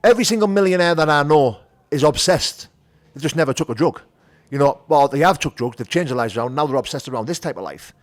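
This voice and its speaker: A man's voice: a little high, animated, fast, hardly any pauses. A middle-aged man, a podcast guest telling his story frankly, peppering his talk with "you know" and "do you know what I mean". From North of England. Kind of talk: candid conversational storytelling.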